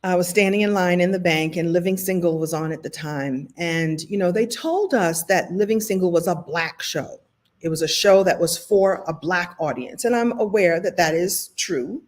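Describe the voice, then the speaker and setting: A woman from Brooklyn, New York, giving a motivational livestream talk as a speaker and coach. She tells stories in an emotional, animated way and laughs often. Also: fairly low pitch.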